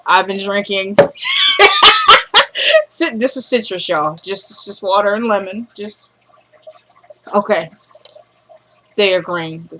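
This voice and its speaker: A woman's voice: medium pitch, takes it slowly, long pauses, background noise. Chatty woman vlogger recapping a show. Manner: animated, talks straight to viewers, laughs often. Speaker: vlogger recapping a TV drama episode.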